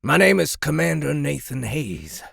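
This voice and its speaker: A man voicing a brusque, contemptuous male base commander in an audiobook, with a gravelly, husky voice. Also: fairly low pitch, lively intonation, a little slow, a bit bright, no echo, clean studio sound, heavily acted. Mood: strained politeness. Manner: curt, contemptuous. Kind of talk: audiobook character voice.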